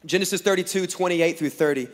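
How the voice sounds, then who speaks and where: A man's voice: high-pitched, fast. A man preaching a sermon to a live audience, telling a funny story and acting out the dialogue in voices. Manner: animated, acts out dialogue in voices, jokes with the crowd. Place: large hall with a live audience on stage. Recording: long hall reverb.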